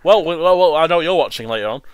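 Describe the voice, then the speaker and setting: A man hosting a casual movie riff commentary, animated and laughing, often restarting his sentences. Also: fairly high pitch, racing, clean tone, no echo. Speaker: host.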